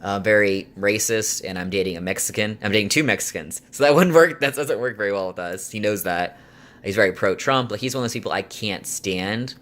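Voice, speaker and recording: A man's voice: fairly low pitch, fairly quick, a bit bright. A young adult man chatting casually to camera, rambling and venting with lots of fillers and exasperated laughs. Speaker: vlogger. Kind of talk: casual chat.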